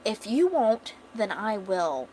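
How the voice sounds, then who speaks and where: A woman voicing an evil male orc warlord in a comic read-aloud, gruff and commanding. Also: mid-range voice, big pitch swings, slow, darkish tone, slight background noise. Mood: menacing.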